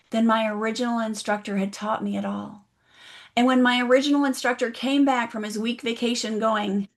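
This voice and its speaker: A woman giving a motivational keynote speech, telling a story and asking the audience direct questions. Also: fairly high pitch. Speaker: motivational speaker. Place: online event, audience in chat.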